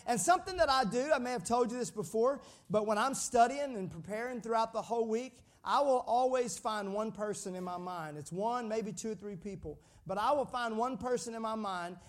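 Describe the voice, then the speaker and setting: A pastor preaching a sermon, joking with the congregation and calling out for them to repeat his words. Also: high-pitched. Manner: lively, joking with the congregation, calls for responses.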